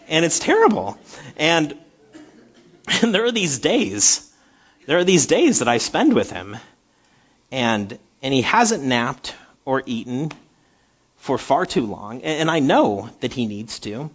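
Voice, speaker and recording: A man preaching a sermon, halting and repeating words, moving from animated stretches to hushed earnest ones. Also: fairly high pitch, husky, muffled recording.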